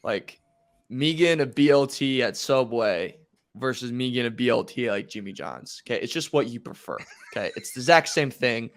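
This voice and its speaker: A man's voice: mid-range voice, lively intonation, brisk. A man co-hosting a sports podcast, talking football in a laid-back, casual way with everyday comparisons. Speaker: podcast co-host.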